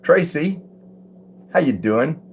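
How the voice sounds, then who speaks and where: A fairly high, gravelly, darkish voice belongs to an older man hosting a casual live stream indoors at home. He talks slowly and expressively, reading comments, greeting viewers by name, and chuckling easily. Some hiss or hum is present.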